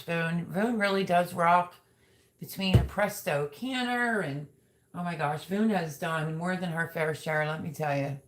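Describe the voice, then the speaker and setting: A woman with a slightly low voice chatting on her own livestream. She gushes warmly and talks to viewers as she reads their comments aloud. Her delivery is loose and conversational. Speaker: livestream host. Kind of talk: casual livestream chat.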